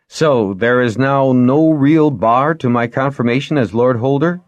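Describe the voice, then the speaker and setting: A man's voice: mid-range voice, unhurried, no room sound, highs cut off, pitched above the performer's own voice, natural voice. Man voicing an earnest young lord.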